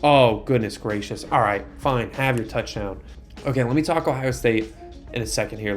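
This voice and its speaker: A man's voice: fairly low pitch, a little fast, soft background music. A young man giving casual commentary while playing a football video game, breaking into exasperated outbursts. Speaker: gaming YouTuber.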